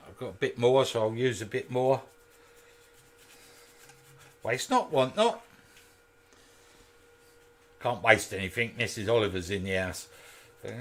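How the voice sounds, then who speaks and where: A man's voice: on the low side, a bit bright. A man hosting a casual live woodturning demonstration from his home workshop, chatting and making jokey asides to viewers. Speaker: woodturner and channel host.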